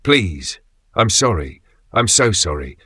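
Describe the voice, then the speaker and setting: A man reading the lines of a selfish, desperate young man in a dark narrated story, tense and shaky. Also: deep voice, sing-song, takes it slowly, husky, dry recording, full character voice.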